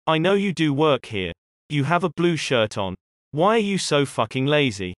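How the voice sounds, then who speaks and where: A man voicing an angry middle-aged woman customer who yells insults, in a read-aloud story. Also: a little high, big pitch swings, moderate pace, no room sound, clean studio sound. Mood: furious. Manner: yelling insults. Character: furious middle-aged woman shopper, rude and shrill.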